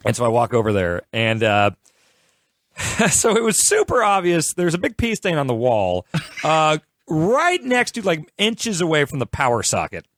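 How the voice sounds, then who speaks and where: Young man, podcast co-host, casual storytelling, lively pitch, dry close sound. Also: no room sound. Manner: animated, laughing, quick shifts into quoted voices.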